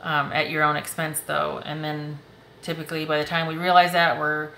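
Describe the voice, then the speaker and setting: Low bright-toned woman reading tarot, reassuring. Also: little pitch movement, moderate pace, vocal fry, echoey room, slight background noise. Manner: warm, reassuring, emotional, laughs often. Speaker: tarot reader. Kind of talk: casual tarot reading to camera. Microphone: close desk mic.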